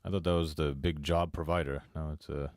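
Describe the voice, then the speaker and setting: A man's voice: rumbling low, steady tone, a little fast, a little mellow. A man co-hosting a casual podcast, mocking a documentary with sarcastic jokes and frequent laughter. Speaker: podcast co-host. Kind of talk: casual mocking commentary over a video.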